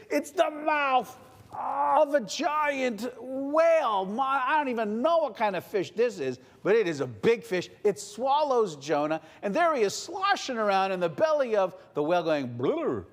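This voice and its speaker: A man telling a story to children in a playful, animated way at a family service, addressing his listeners directly. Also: high voice, moderate pace. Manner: playful, talks directly to the audience. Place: synagogue sanctuary. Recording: long reverb of a large hall.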